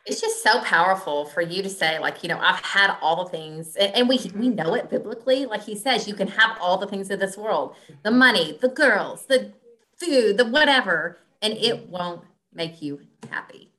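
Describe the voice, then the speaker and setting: A woman co-hosting a faith podcast, chiming in with quick, conversational remarks. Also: mid-range voice, lively intonation, a bit bright. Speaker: podcast co-host.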